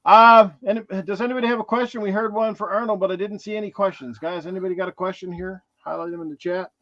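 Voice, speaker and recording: A male gaming show host chats loosely with viewers, cheerful and a little profane. His voice sits slightly high. The audio is dull and lo-fi. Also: steady tone, fast, a bit bright. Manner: upbeat, reads chat names, swears casually. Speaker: podcast host. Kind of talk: casual livestream chat.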